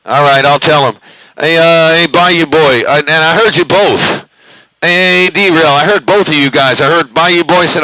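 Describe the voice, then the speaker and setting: Speaking a little slowly in a fairly high, pushed, bright voice, this CB radio operator hosts his channel from a bedroom at home. The poor-quality recording has no room sound, and he chats casually into his CB mic, wandering off topic with plenty of hesitant, folksy fillers.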